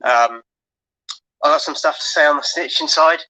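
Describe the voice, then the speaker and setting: A man's voice: on the high side, normal speed, bright, forceful tone, dry recording, poor audio. An English man co-hosting, plugging tomorrow's show in an upbeat, rambling way. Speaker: co-host. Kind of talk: show promo.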